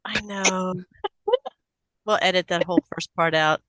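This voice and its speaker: A woman co-hosting a podcast, asking questions in a halting, apologetic, casual way. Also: on the low side, steady tone, fairly bright tone, dry recording. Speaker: podcast co-host.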